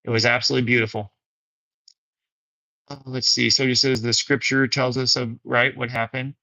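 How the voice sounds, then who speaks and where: A man's voice: medium pitch, level tone, normal speed, bright, forceful tone, no echo, poor audio. Earnest man preaching casually to a livestream. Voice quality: earnest and conversational, frequent "man" and "dude". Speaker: livestream host of a faith fellowship. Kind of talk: casual spiritual talk, reading viewer comments.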